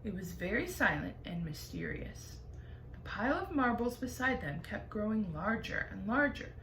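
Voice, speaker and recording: A woman teacher reading a chapter book aloud with lively storytelling. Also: medium pitch, normal speed. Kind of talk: expressive read-aloud. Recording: echoey room, faint noise.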